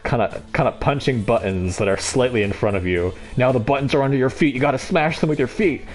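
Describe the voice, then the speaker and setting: A man's voice: medium pitch, quick pace, soft background music. A man streaming a game live, giving sarcastic, mocking commentary on what he sees.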